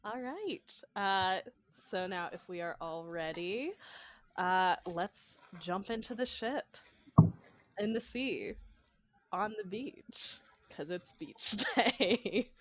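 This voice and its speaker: A woman's voice: mid-range voice, lively intonation, takes it slowly, fairly bright tone. A woman narrating as game master of a tabletop role-play, playful with laughing asides.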